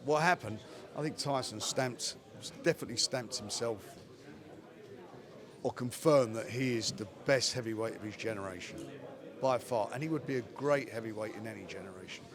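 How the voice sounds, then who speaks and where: Older promoter over crowd noise. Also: male voice, medium pitch, moderate pace. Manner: plainspoken, repeats phrases for emphasis. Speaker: boxing promoter. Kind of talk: post-fight interview. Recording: crowd chatter behind the voice.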